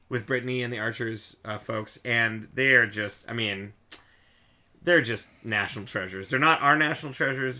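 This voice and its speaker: A man hosting a podcast, chatting casually and telling lively stories. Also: mid-range voice. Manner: animated storyteller, shouts in re-enactments. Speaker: podcast host. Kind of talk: casual chat.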